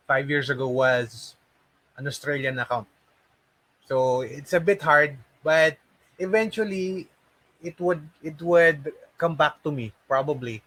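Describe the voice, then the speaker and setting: A man's voice: on the high side, measured pace, fairly bright tone, rough recording. A man, a call center trainer giving a casual spoken lesson, often restarting and checking in with "okay?". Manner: keeps checking in with "okay?", with frequent restarts and fillers.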